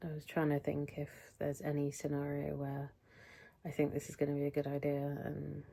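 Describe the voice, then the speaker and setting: A woman's voice: deep voice, monotone, normal speed, gravelly, mellow. A middle-aged British woman talking through a casual weekly health update vlog, rambling and chatty, often interrupting herself. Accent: British English. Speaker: vlogger.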